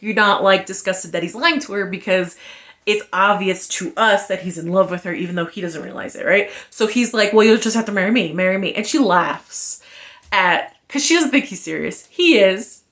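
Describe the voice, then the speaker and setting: A woman chatting casually through a book review, animated, slangy and frank, acting out the characters' lines as she retells the plot. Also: mid-range voice, normal speed.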